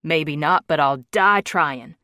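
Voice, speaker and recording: Woman narrator playing a calm, determined rich man, a touch lower than her own voice, dry audiobook read. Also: takes it slowly, no echo, heavily acted. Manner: steady, low-key, firm. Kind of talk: audiobook character reading.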